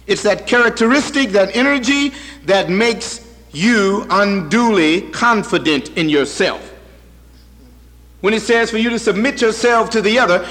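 A man preaching a sermon as pastor, swinging from loud high bursts to quiet low asides. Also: in a large hall.

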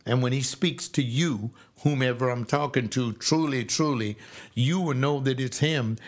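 An older man teaches from scripture in a loose, fiery way, and his voice sits at an ordinary middle pitch. He scolds his listeners and mimics the people he criticizes. It sounds like an informal sermon, not a church service. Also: normal speed. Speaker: lay preacher.

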